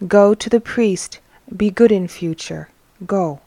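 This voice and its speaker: A calm, merciful male teacher speaks gentle but firm words, read by a woman. The pace is slow and measured, and the sound is dry. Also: mid-range voice, no room sound. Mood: commanding.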